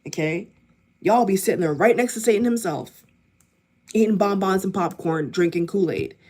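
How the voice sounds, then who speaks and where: Woman vlogger, fired-up commentary, repeats herself for emphasis, medium pitch. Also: moderate pace, darkish tone. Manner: emphatic, repetitive, addresses viewers directly. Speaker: political vlogger. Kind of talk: impassioned commentary to camera.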